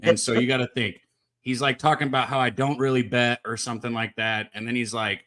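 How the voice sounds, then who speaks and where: A man with a bright, forward voice co-hosts a live sports betting show. He talks in a loose, profane way and pokes fun at himself while telling stories to the chat. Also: medium pitch, steady tone, fast. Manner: self-deprecating, profane, chatty storyteller.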